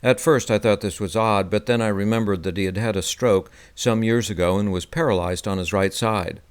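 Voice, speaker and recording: A man narrating a first-person memoir in a measured, descriptive way. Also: lowish voice, fairly even intonation, clear, resonant tone. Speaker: audiobook narrator.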